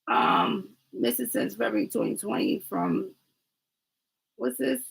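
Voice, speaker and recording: A woman's voice: medium pitch, huge pitch swings, slow pace, creaky, slightly rough, low-quality recording. A woman doing a casual livestream oracle card reading, chatty and rambling, who often adds "right?", calls viewers "family" and stumbles over names.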